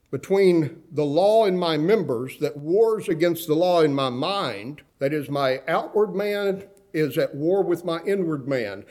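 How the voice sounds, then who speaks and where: A man preaching a sermon, talking straight to his congregation and swinging his voice up and down when he quotes scripture. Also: darkish tone. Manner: dramatic swings in pitch and volume when quoting scripture; conversational, asks the congregation direct questions. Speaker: pastor.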